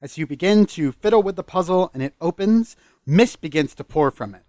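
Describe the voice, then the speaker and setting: A man's voice: sits high, animated, fairly quick, a little mellow, no echo, studio quality. A man co-hosting a podcast, narrating a tabletop scene in a storyteller's pace and laughing between lines. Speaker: podcast co-host and game master.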